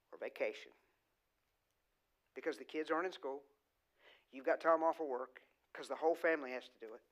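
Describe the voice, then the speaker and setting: A middle-aged man delivers a sermon in a church sanctuary. His voice sits a touch higher than most men's, and he preaches in an emphatic, conversational way, often slipping into quoted lines. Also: fairly bright tone. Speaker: guest preacher.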